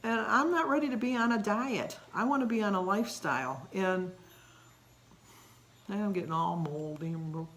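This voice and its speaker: A woman's voice: medium pitch, animated, normal speed, few pauses, fairly bright tone. An older woman talking casually in a daily vlog, rambling and emotional, sometimes tearful. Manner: rambling, emotional, self-deprecating. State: tearful at times. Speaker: vlogger.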